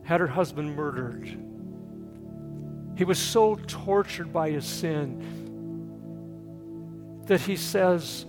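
An older man preaches a sermon at a slow, deliberate pace. His voice sits fairly high for a man. He swings from lively, raised storytelling to quiet, earnest pleading. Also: music in the background. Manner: earnest, shifts from loud storytelling to hushed pleading. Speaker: pastor.

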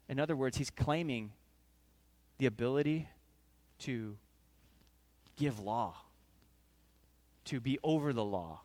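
A male preacher giving a sermon, telling the story in an animated way and acting out the scenes. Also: medium pitch, unhurried, long pauses.

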